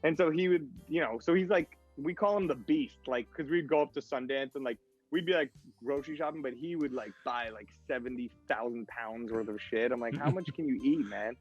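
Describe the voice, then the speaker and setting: A man's voice: mid-range voice, a little fast, few pauses, muffled recording, soft background music. A man, a guest DJ, telling stories in a rambling, casual way, filling his speech with "like". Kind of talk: casual storytelling.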